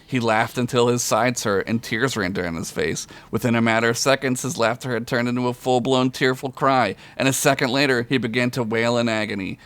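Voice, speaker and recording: Male storyteller, average pitch, dry close sound, reads comic fantasy and laughs along. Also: steady tone, a little fast, few pauses, no room sound. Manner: reads aloud with frequent chuckles, loud high character voices. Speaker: podcast storyteller. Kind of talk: comedic fantasy story reading.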